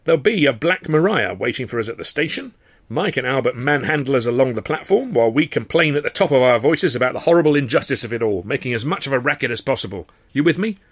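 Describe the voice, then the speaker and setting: A man's voice: medium pitch, animated, fast, close to an everyday voice. A man voicing a brash, scheming music-hall lead comic with a boisterous, wheedling showman's manner. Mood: scheming, jovial.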